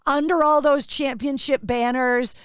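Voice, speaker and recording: A woman's voice: high-pitched, fairly even intonation, a little slow, no echo. A middle-aged woman hosting a podcast interview from her radio studio, chatty and sentimental. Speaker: podcast host.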